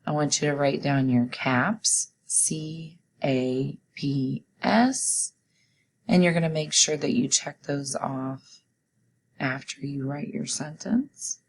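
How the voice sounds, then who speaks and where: A low-pitched woman reads out a spelling test at an unhurried, measured pace, like a teacher talking to young students. Each test word gets slow, careful stress. Soft hiss sits under her voice. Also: poor audio. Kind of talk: recorded classroom spelling dictation.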